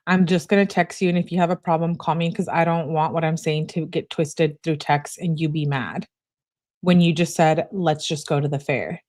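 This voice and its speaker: Young woman, livestream host, lower pitch, casual commentary voice, reads texts aloud with chatty asides. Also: steady tone, moderate pace, darkish tone. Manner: reads messages aloud, interjects reactions to chat. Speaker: livestream host reading text messages.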